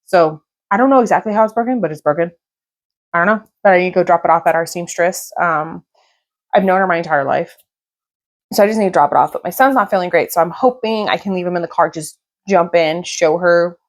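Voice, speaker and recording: A woman's voice: fairly low pitch, fairly quick. A woman in her thirties chatting casually in a reading vlog, gushing and rambling about books and her day. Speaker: book vlogger.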